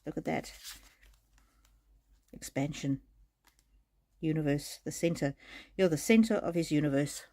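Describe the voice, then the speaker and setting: A woman giving a live-streamed oracle card reading, speaking gently and haltingly, moved to emotion and laughing often. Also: low-pitched. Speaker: tarot and oracle card reader. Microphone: streaming mic.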